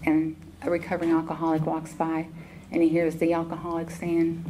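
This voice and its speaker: A middle-aged woman with a Southern US accent speaks in a low-pitched voice, stopping and restarting with plenty of ums as she tells her own story to a meeting. The recording is noisy, with a steady hiss running under her voice. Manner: halting, many ums and restarts. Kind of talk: personal testimony talk. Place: meeting hall.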